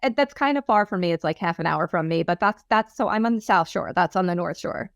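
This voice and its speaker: A woman's voice: fairly low pitch, lively intonation, fast, dry recording, highs cut off. A woman from Long Island with a subtle New York accent, chatting as an author guest on a video call, self-deprecating and laughing often. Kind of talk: casual interview chat.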